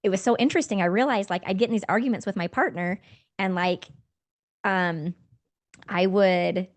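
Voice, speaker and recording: A woman's voice: medium pitch, fairly even intonation, normal speed. A woman in her forties, hosting a podcast, telling a personal story in a candid, conversational way. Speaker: podcast host.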